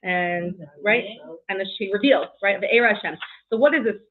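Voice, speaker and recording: A woman teaching a casual weekly Torah class, brisk and chatty, often checking in with "right?" and filling pauses with "um.". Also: mid-range voice. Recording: tinny phone-like audio.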